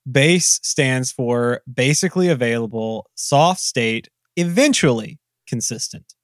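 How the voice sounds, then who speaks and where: A man's voice: medium pitch, lively intonation, measured pace, no echo. Chatty Southern man, dry close sound. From American South. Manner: self-deprecating, rambling asides. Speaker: podcast co-host. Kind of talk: casual technical discussion.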